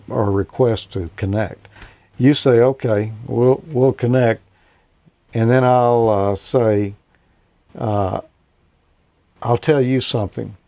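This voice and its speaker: Relaxed, folksy radio show host man. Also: mid-range voice, dry recording. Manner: relaxed, folksy, plenty of "you know" and "uh". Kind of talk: casual technical explanation.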